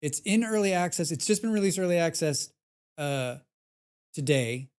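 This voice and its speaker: A man chatting casually on a live game stream, rambling with many fillers, reading chat aloud and growing animated as he recounts his play. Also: a little high, normal speed, clean tone. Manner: grows animated when recounting gameplay.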